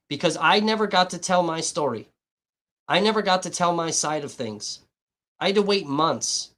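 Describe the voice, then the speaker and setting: A man with a somewhat high, slightly bright voice hosts a livestream, delivering a heated rant that is blunt, abrasive and packed with swearing.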